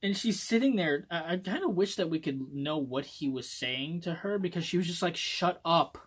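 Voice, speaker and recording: Male vlogger, casual phone-recorded book review, excitable and profane, rambling delivery. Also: a little high, moderate pace, slightly rough. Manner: rambling, swears often, excitable.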